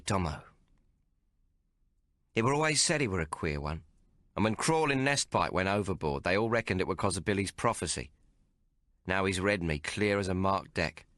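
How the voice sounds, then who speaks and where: A man narrating an audiobook in the first person, in a rough, colloquial way with dropped grammar. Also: lowish voice, bright, forceful tone, dry recording, clean studio sound.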